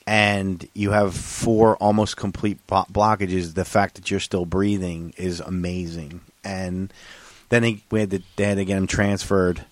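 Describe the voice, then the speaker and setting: A man's voice: low voice, dry recording. A man co-hosting a casual podcast, telling a family story with lots of profanity and acted-out quotes. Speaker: podcast co-host.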